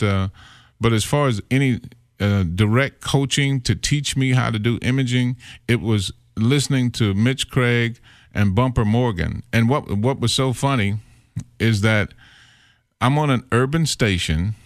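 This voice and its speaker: Speaking a little slowly at medium pitch, this middle-aged man, a radio imaging voice artist, tells stories during a relaxed interview. He's an animated storyteller who performs the voices he quotes, captured in a dry, clean studio recording.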